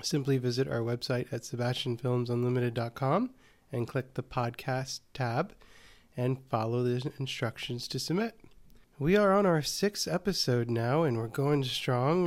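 A man hosting a horror podcast and narrating a scripted short story in a calm, even delivery. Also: medium pitch.

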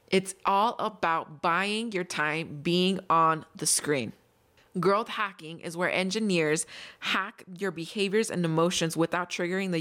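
A woman's voice: on the low side, a bit bright. A young adult woman hosting a solo podcast, telling a story and explaining in an earnest, upbeat, conversational way. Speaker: podcast host.

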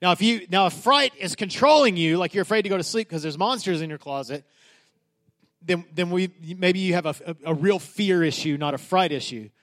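A male pastor in his thirties delivers a sermon in a conversational but emphatic style. His voice sits high for a man. He often stumbles and restarts his phrases as he pushes his points. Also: a little fast, a bit bright. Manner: casual, emphatic, with frequent restarts.

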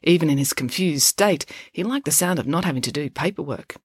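A woman author reading her children's story aloud in an expressive storytelling manner. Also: low-pitched, brisk, slightly rough, dry recording, studio quality. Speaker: author and narrator. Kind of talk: audiobook-style story reading.

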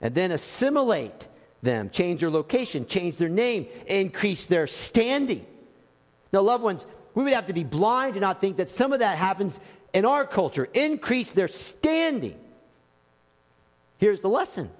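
An animated male preacher who tells stories and acts out the scenes. His high voice swoops widely. A long reverb from a large church hall hangs behind every phrase. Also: normal speed. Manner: animated storytelling, acting out scenes. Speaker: pastor. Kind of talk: sermon.

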